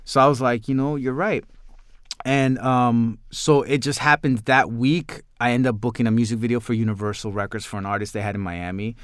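A man, a filmmaker guest in an interview, telling his story in a rambling, animated way with many restarts. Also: medium pitch, a little fast, clean tone, no room sound, studio quality. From New York.

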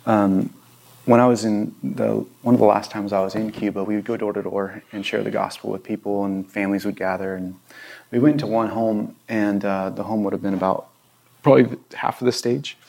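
A male pastor giving a sermon in a church, telling stories in a conversational way, with loud emphatic bursts and hushed whispered pleas. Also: fairly low pitch, fairly even intonation, brisk, vocal fry. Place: church sanctuary.

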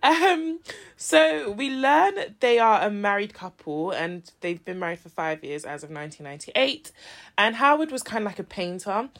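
A young woman, co-hosting a podcast in animated casual chat, laughing often and saying "like" a lot. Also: medium pitch, normal speed. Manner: animated, laughing, heavy use of "like". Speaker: podcast co-host.

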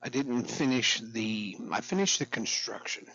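Middle-aged guy rambling and cussing at the camera, gravelly husky voice, dull lo-fi sound. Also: mid-range voice, lively intonation, measured pace, a bit bright. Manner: profane, rambling, darkly joking. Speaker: vlogger. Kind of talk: rambling casual monologue to camera.

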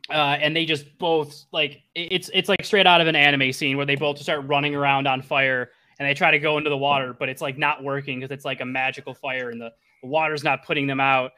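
A man's voice: a little high, little pitch movement, brisk, few pauses, sharp tone. A young man narrating as game master, talking loosely with lots of fillers and laughing easily.

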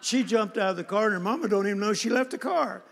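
A man's voice: high-pitched, fast, vocal fry, a bit bright. A man preaching a sermon, telling a story in a folksy, conversational way. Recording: long hall reverb.

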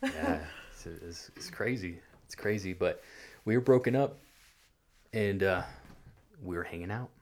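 A man casually telling his faith testimony, halting and repeating words, acting out what people said. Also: low-pitched. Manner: halting, repeats words, acts out quoted speech. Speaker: guest sharing his testimony. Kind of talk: casual storytelling conversation.

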